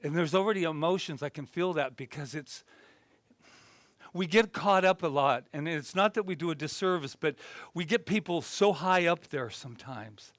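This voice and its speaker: A male minister giving a conversational sermon, animated and self-deprecating, then dropping to a soft, reflective tone. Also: fairly high pitch, dry recording. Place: spiritual center gathering.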